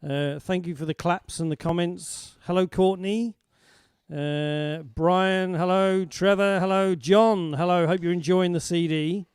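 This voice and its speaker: A British man hosts a music livestream, his voice sitting a little high and chatty as he greets viewers by name. The sound is close and dry, like a video call in a small quiet room. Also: fairly even intonation, measured pace, clean tone, dry recording. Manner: chatty, warm greetings to viewers, laughs easily. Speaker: music show host. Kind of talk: casual livestream chat.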